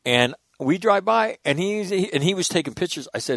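A man in his sixties, a former military officer, telling profane, animated stories in casual conversation. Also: high-pitched, a little fast, gravelly, dry recording, clean studio sound. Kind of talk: casual storytelling.

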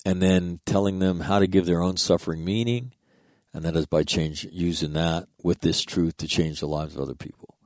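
A man with a very low voice tells a heartfelt story in casual, blunt words and swears freely. He speaks earnestly, as in a spoken monologue. The sound is dry and close, with no room echo. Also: fairly even intonation, moderate pace, a little mellow.

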